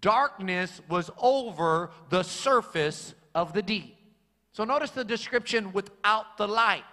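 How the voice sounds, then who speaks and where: Pastor guy preaching slow and drawn out, big reverb from the hall, keeps repeating lines. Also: high voice, lively intonation, pushed and bright. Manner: emphatic, repeats key phrases for weight. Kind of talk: sermon.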